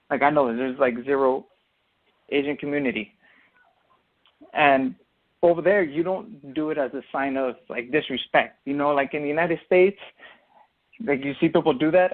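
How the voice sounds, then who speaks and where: A man co-hosting a casual sports podcast, explaining his take at length with lots of fillers and restarts. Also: mid-range voice. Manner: rambling, filler-heavy explaining. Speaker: podcast co-host. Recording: tinny phone-like audio.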